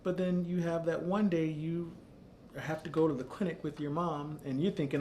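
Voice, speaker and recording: A man in his thirties, founder of an arts center, telling a personal story in an earnest, reflective, measured way. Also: on the high side, fairly even intonation, a little mellow, a little hiss or hum.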